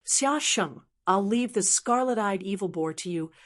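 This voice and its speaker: A woman's voice: medium pitch, animated, a little slow, close to an everyday voice. A woman voicing a cold, aloof female sect elder who explains things indifferently in an audiobook. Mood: cool.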